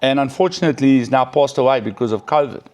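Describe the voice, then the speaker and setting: A middle-aged man telling a personal story in a casual, animated way, often checking in with "right?". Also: medium pitch, fast talker. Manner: animated, peppers speech with "right?". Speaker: recovering addict sharing his story.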